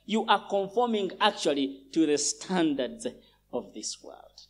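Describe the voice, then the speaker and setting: A man's voice: high voice, very animated, slow pace, a bit bright. A male pastor from Uganda preaching a sermon in a large church, emphatic and repeating phrases for stress.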